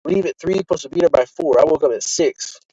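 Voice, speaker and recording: A man vlogging from his car, telling a casual, profane story in an animated way. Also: a little high, fast, dry recording. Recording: dry, slightly dull sound.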